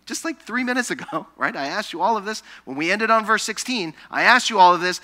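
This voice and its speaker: A man preaching a sermon, telling scripture stories in an animated way, acting out the people he quotes, and dropping soft and slow when he reads the verses. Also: high voice. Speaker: pastor. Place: church sanctuary.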